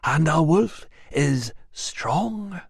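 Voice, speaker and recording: A man's voice: on the high side, lively intonation, extremely slow, creaky, breathy edge, dry recording, clean studio sound, heavily acted. A man reading an audiobook, voicing a rousing older storyteller who rallies a crowd with rising calls.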